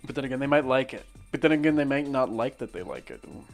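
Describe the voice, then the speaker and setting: Casting: young man, mid-pitched, loose rambling storyteller with crude humor, faint music underneath. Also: expressive, quick pace, vocal fry. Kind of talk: casual chat while drawing.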